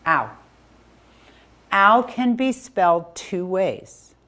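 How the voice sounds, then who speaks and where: A woman teaching reading and spelling, coaching a student patiently. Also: lowish voice. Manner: slow, calm, coaching. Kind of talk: patient phonics instruction.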